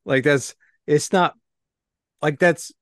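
A man's voice: on the high side, slow pace, fairly bright tone, no room sound, studio quality. A man co-hosting a podcast in casual chat, blunt with crude humor. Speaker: podcast co-host.

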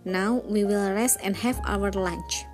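A poor, weary woodcutter father, as a woman reading a storybook puts him on speaks in a low, soft and sad voice. The delivery is slow and gentle over faint music. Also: close to an everyday voice.

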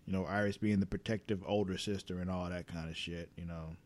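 This man's voice sits low and moves briskly as he talks casually about a TV episode. Profane and animated, he performs the characters' lines as quotes.

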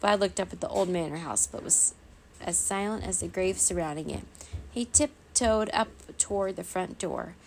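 Gravelly woman reading a kids' story. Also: lowish voice, normal speed, slight background noise. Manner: lively expressive reading. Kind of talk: children's story read-aloud.

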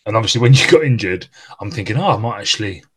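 A man's voice: fairly low pitch, animated, very fast, slightly rough. A man hosting a podcast, reminiscing in casual chat with a former teammate, rambling and laughing often as he talks.

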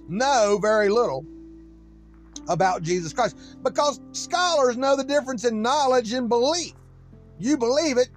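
High-voiced man ranting a sermon. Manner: confrontational, rambling, preachy. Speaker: self-styled preacher.

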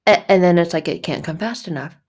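A woman's voice: lowish voice, a little fast, a little mellow. A woman giving a casual spiritual monologue, speaking emphatically and bluntly, with repetitive phrasing. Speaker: faith vlogger.

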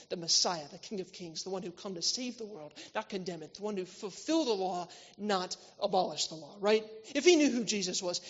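A man preaching a church sermon, swinging between loud, emphatic lines and quiet, intimate ones. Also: high-pitched. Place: church hall. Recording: reverberant hall, slightly dull sound.

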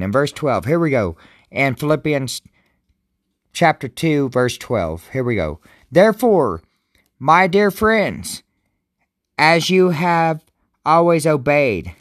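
A man's voice: on the high side, fairly bright tone, no room sound, studio quality. A man casually reading Bible verses and commenting, rambling and joking, often stumbling over words. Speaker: devotional vlogger.

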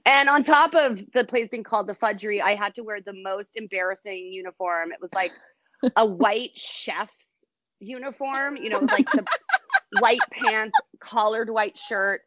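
A middle-aged woman from Canada, a comedian, spins casual anecdotes in a lively, self-deprecating way. Her voice sits at an ordinary middle pitch. It is recorded close and dry, with no room sound. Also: moderate pace, no echo. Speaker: stand-up comedian, guest. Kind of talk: casual storytelling chat.

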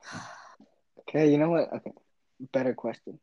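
A young woman with an unusually low, deep voice, talking in a teasing, joking way during a relaxed chat. The sound is dull and lo-fi, with a dry close mic. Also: dry recording. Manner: teasing, joking, quick to laugh. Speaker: podcast host. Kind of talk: casual chat.

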